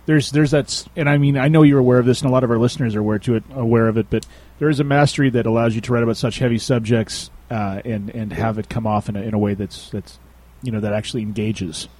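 A man's voice: mid-range voice, steady tone, fast talker, hardly any pauses, a little mellow. Rambling male co-host. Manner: rambling, repeats words while searching. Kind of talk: casual radio chat.

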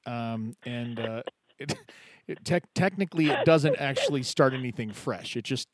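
A man's voice: mid-range voice, normal speed, no echo. Joking male call-in show host. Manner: joking, laughs often, restarts. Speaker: radio poetry show host. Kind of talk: casual call-in chat.

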